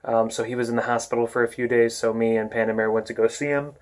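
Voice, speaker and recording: A man's voice: mid-range voice, fairly even intonation, quick pace, no echo. Tired young man rambling into his phone. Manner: rambling, tired, many fillers and restarts. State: tired and worn out. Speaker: vlogger. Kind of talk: casual vlog talk. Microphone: phone camera.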